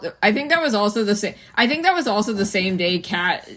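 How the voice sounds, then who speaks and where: Teenage girl, co-host, rambling, swears a lot, mid-pitched voice. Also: very animated, a little fast, a bit bright. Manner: rambling, lots of fillers and swearing. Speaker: podcast co-host. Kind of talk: casual chat.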